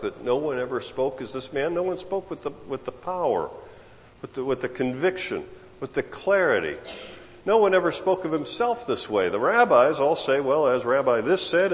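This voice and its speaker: A man preaching a sermon in a conversational way, repeating words and adding lively asides. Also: on the high side, big-room sound.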